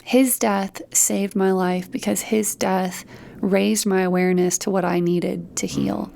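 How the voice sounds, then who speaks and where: A woman's voice: mid-range voice, a little slow, gravelly, slight background noise. A woman, a podcast guest, telling personal stories in a casual interview and acting out the dialogue. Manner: lively storytelling, acts out quoted dialogue.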